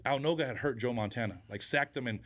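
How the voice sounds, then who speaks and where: A man guesting on a podcast, chatting casually and telling animated stories, acting out other people's lines. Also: mid-range voice, fast talker. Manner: animated storyteller who acts out quoted voices. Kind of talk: casual interview chat.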